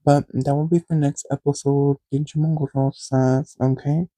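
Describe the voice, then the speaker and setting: A man's voice: medium pitch, level tone, moderate pace, mellow, no room sound. A young man, hosting a podcast and telling a sassy, profane story about his past with dramatic quoted voices, recorded on a phone. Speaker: podcast host. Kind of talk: casual storytelling monologue.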